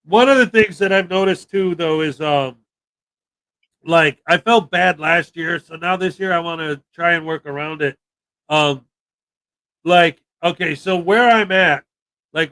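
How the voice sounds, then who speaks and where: A young man hosts a relaxed livestream chat. He tells his stories in an animated way and slips into the voices of the people he quotes. His voice is high and bright. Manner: animated storytelling, acts out quotes. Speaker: livestream host. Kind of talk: casual chat.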